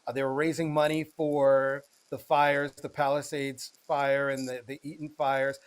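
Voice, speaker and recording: A man's voice: mid-range voice, little pitch movement, unhurried, clear, resonant tone. A man co-hosting a podcast, explaining celebrity news in a loose, chatty way full of filler sounds. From United States. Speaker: podcast co-host. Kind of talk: casual chat.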